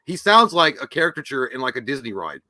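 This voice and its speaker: A man's voice: medium pitch, sing-song, quick pace, pushed and bright, no echo. A man co-hosting a casual live stream, cracking crude jokes and swearing freely. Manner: crude, joking, profane. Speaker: podcast co-host.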